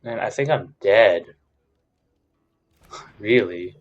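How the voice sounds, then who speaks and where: Slow-talking frustrated man commentating a card game. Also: lowish voice, highs cut off. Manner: frustrated, swings from loud ranting to muttered counting. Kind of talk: casual gameplay commentary.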